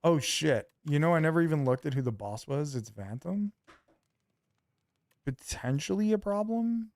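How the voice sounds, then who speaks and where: A man's voice: a little high, normal speed, no echo, clean studio sound. A man streaming a video game, chatting casually with his viewers in a loose, rambling way full of fillers. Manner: rambling, relaxed, lots of fillers.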